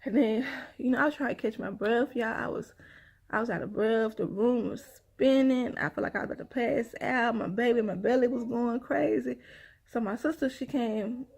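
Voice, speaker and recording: Husky woman telling a story. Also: on the high side, moderate pace, darkish tone. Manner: chatty, addresses viewers as y'all, sighs often. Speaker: vlogger. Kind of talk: casual storytelling to viewers.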